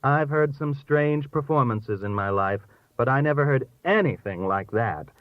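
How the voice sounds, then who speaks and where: A man's voice: mid-range voice, expressive, normal speed, no echo, voice pushed up, close to an everyday voice. A man reading aloud and voicing a scornful, theatrical middle-aged wife who complains dramatically. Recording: thin phone-like dry sound.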